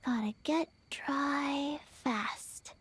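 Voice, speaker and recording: A woman voicing a tiny earnest zombie girl who talks slowly and flatly about herself by name, in a video game. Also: very high voice, dry recording, heavily acted. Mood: solemn. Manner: slow, flat, speaks of herself by name. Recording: game audio with music behind.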